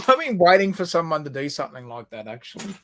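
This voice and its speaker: A man's voice: a little high, very animated, fast, a bit bright, a little hiss or hum. An Australian man co-hosting a livestream, rambling and giggling, with lots of ums and restarts. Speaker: livestream co-host. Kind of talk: casual chat.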